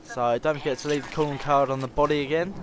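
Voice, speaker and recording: A man's voice: a little high, steady tone, fast, crowd noise. A British man giving casual, chuckling commentary over a video game walkthrough. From Britain. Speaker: gaming host. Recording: game audio with gunfire.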